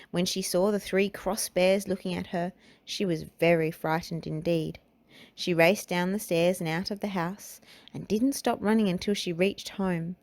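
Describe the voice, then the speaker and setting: A woman reading a children's storybook and nursery rhymes aloud, in a gentle, unhurried way. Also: fairly low pitch, no room sound. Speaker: children's book reader.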